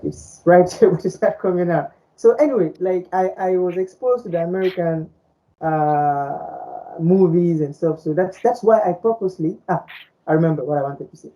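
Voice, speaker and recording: Rambling woman podcaster, low dark voice. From French-speaking Africa. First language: Fulani. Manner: rambling, repeats words, many "you know"s. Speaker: podcast co-host. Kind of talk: casual podcast chat. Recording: dull lo-fi audio.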